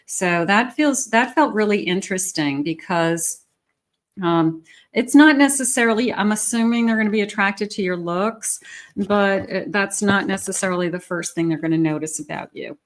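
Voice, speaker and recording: A woman's voice: mid-range voice, moderate pace. A woman reading tarot cards for her viewers in a casual, chatty way, often repeating herself and laughing lightly. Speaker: tarot reader.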